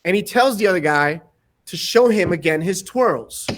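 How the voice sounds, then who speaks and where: High-voiced man telling a lively story. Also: moderate pace. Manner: animated anecdotes, acting out other people's lines and laughing often. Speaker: martial arts instructor, podcast guest. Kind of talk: casual storytelling.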